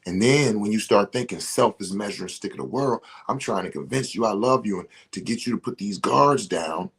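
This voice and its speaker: A man's voice: on the low side, fairly quick, vocal fry, breathy edge. A man leading a motivational spiritual talk, preaching emphatically and speaking straight to his listeners as a ceremony facilitator.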